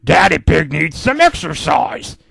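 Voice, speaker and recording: A man's voice: a little high, very animated, a little slow, gravelly, fairly bright tone, slightly rough, dry recording, studio quality, full character voice. Man doing a mocking cartoon potato host. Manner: mocking, sing-song. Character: taunting TV potato presenter, cartoon.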